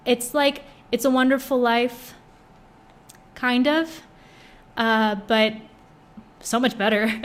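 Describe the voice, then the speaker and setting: A young woman talks casually about the books she has read, chatty and gushing, full of filler words. Her voice sits a little high for a woman. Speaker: book vlogger. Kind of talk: casual chat book review.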